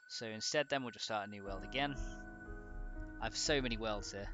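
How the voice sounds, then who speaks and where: A young man streaming, talking himself through fixing a game mod and chatting with viewers. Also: lowish voice. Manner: muttering to himself while troubleshooting, chatty with viewers. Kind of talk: casual livestream commentary while modding.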